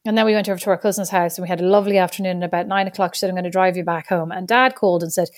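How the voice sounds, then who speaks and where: A middle-aged woman, a podcast co-host, telling a story in a lively, animated way, acting out other people's voices and swearing now and then. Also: lowish voice, very fast, few pauses, dry recording, clean studio sound. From Ireland. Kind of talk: casual storytelling chat.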